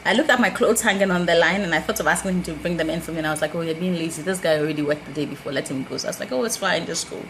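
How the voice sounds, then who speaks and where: A Ghanaian woman speaks in a casual storytelling vlog, her voice sitting a little low and turning quiet and muttered when she recounts her own thoughts. She leaps high and bright when she acts out what others said. A faint hum of room ambience sits behind her. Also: racing, hardly any pauses, low-quality recording. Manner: animated, acts out quoted dialogue with big pitch jumps. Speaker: vlogger.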